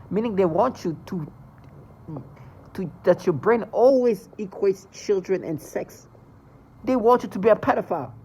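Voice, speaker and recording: A vlogger speaking in an emotional monologue, agitated and swearing, swinging between loud bursts and low mutters. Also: slight background noise, poor audio.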